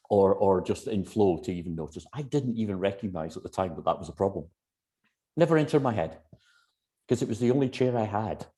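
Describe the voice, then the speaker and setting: Low, lively man telling stories. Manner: lively storyteller who acts out quotes and laughs often. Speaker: guest hypnotherapist. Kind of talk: animated anecdotal storytelling. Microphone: video call.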